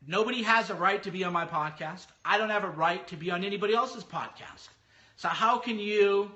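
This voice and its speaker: A man podcaster talking in a casual monologue, animated and sometimes mocking others with put-on voices. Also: high-pitched, fairly quick, slight background noise.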